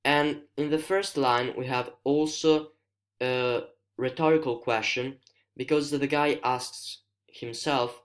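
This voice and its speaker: Speaking with an Italian accent, a student from Italy, whose native language is Italian, discusses a poem in a screencast lesson. His mid-range voice keeps a steady tone, though he is careful and hesitant, pausing to find his words.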